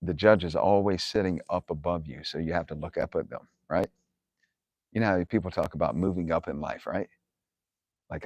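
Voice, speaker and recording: A man's voice: low voice, a little fast, a little mellow, no echo. A man hosting a live viewer Q&A, telling stories bluntly with lots of swearing and laughs. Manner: blunt, profane, laughs often, quotes himself angrily. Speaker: livestream host answering viewer questions. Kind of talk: profane casual live Q&A storytelling.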